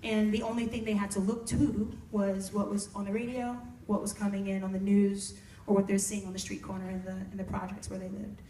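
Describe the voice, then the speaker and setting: A woman who works as a music therapist, speaking softly and casually to campers between songs. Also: medium pitch, level tone, brisk, few pauses, slight background noise. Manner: soft-spoken, conversational, with y'all. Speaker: singer-songwriter and music therapist. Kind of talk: casual talk to campers and live singing. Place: camp room, live performance. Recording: roomy, distant mic, with loud guitar. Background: guitar playing.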